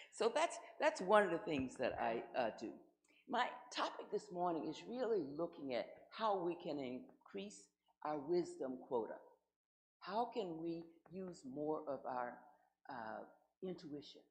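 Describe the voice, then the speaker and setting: Low-voiced woman minister, lively preaching. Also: low-quality recording. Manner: warm conversational preaching with rhetorical questions. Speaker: guest minister. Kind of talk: sermon.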